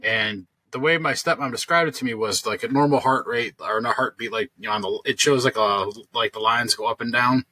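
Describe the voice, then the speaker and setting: A man's voice: medium pitch, a little fast, hardly any pauses, bright, forceful tone. A man co-hosting a podcast, telling a long story in casual chat, rambling with lots of fillers and restarts. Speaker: podcast co-host.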